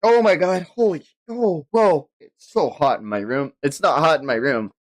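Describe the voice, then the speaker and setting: A woman streaming a live reaction, excitable and swearing, with many gasps and exclamations. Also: deep voice, moderate pace. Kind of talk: live reaction to a manga chapter.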